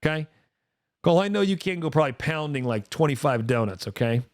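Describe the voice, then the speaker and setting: Male host, 40s, rapid and emphatic, mid-pitched, dry close sound. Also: expressive, no room sound. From rural United States. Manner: fast, emphatic, addresses co-host directly. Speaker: podcast host. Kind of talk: casual investing talk.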